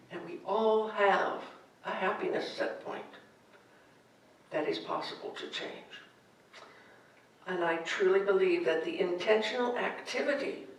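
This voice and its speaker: Slow gravelly woman preaching in a hall. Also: mid-range voice. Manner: gentle, storytelling, unhurried. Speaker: spiritual director. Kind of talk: sermon. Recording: echoey hall from far off.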